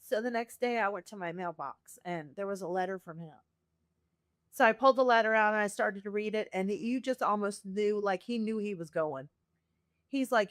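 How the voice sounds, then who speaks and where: Woman guest, earnest storyteller, mid-pitched voice, dry close sound. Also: normal speed, dry recording. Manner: earnest, animated, acts out quoted voices. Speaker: podcast guest sharing her testimony. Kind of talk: emotional personal storytelling.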